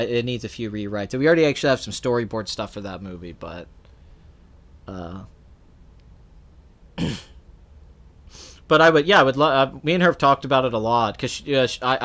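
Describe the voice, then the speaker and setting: A man's voice: on the low side, a bit bright. A man hosting a casual film livestream, answering chat in a rambling way with many restarts and fillers. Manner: earnest, talks at length about films. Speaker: film channel host answering live chat.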